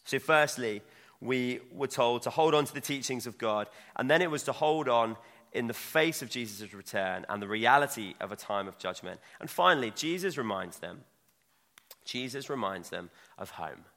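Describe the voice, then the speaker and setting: A man's voice: mid-range voice, animated, normal speed, fairly bright tone. A young man preaching a sermon in a church, chatty and self-mocking as he talks. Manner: conversational, self-mocking asides. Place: church hall. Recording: long hall reverb.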